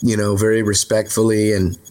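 A rock singer being interviewed, telling rambling road stories in a relaxed, candid way, full of fillers and restarts. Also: male voice, fairly low pitch, fairly quick, faint music behind. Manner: relaxed, candid, mildly profane. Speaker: rock singer, podcast guest. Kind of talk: casual interview storytelling.

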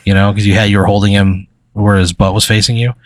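A man's voice: fairly low pitch, flat delivery, fast, no echo. A man running an improvised story game as game master, rambling with many fillers and chuckles.

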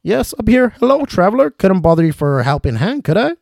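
A man voicing a fussy, excitable male physicist wizard who speaks formally in a high, strained voice. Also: brisk, gravelly, no echo, studio quality, full character voice. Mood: pleading.

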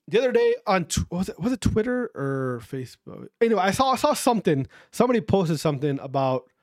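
A man's voice: a little high, a little mellow, dry recording, studio quality. A man hosting a podcast, ranting casually, swearing a lot and repeating himself. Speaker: podcast host. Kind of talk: casual profane podcast rant.

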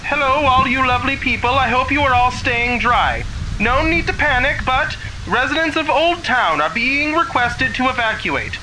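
A game master voicing a calm, reassuring town radio announcer giving emergency notices. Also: high voice, moderate pace, slight background noise, voice pushed up, rough recording. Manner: soothing, reassuring.

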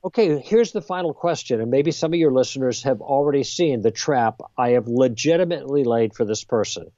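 A man guest on a podcast, explaining ideas in a lively conversational way and acting out exchanges. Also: medium pitch, fairly quick, no echo, dull audio. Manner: lively, role-plays exchanges with emphasis. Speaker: guest author.

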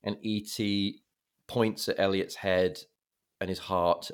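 A man with a low voice hosts a relaxed film podcast. He talks in an animated, self-mocking way and swears freely. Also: unhurried. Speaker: podcast host. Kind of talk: casual podcast chat.

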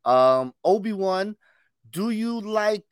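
A man's voice: high voice, animated, slow pace, clear, resonant tone, no echo, clean studio sound. A man co-hosting a casual pop culture podcast, laughing often, swearing freely and calling his co-host bro.

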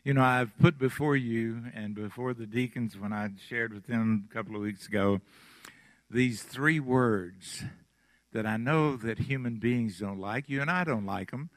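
Slow-preaching Southern man, bright tone. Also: medium pitch, dry recording. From Mississippi. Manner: slow, emphatic preaching with soft trailing phrases and dramatic pauses. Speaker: pastor. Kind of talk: sermon.

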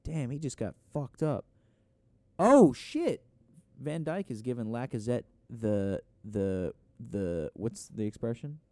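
A man co-hosting a casual podcast, with a mellow, soft-edged voice in a dry, close-miked sound. He rambles through lots of fillers and swears freely. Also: medium pitch, unhurried, few pauses, dry recording. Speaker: podcast co-host.

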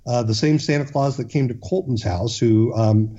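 A man's voice: medium pitch, moderate pace, dark tone, muffled recording. A man, a guest in an interview, telling a long story earnestly, with frequent restarts and fillers.

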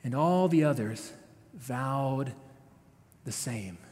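A man's voice: mid-range voice, expressive, slow, a little mellow. A man, a pastor, giving a conversational sermon, retelling a story with frequent "right?" asides. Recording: long reverb of a large hall.

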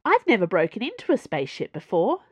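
A woman voicing an excited, cheerful young female ship engineer in a storybook reading, speaking eagerly and gleefully. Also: fairly high pitch, measured pace, no echo, muffled recording, pitched above the performer's own voice.

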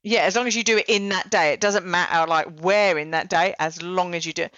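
Woman podcast host, casual and self-deprecating, low voice, dull lo-fi recording. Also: fairly even intonation, a little fast, a bit bright, no room sound. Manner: chatty, self-deprecating, many fillers. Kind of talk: casual interview chat.

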